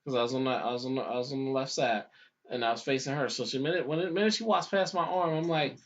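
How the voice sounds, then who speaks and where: A man in his thirties casually telling a long story on a podcast, animated, with many restarts and acted-out quotes. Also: mid-range voice, fast talker. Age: 30s. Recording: dull lo-fi podcast audio.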